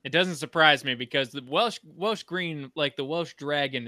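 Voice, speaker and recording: Bright-voiced joking man. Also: fairly high pitch, normal speed, hardly any pauses, dry recording, clean studio sound. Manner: animated, joking, lots of "you know". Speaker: podcast host. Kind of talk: casual chat.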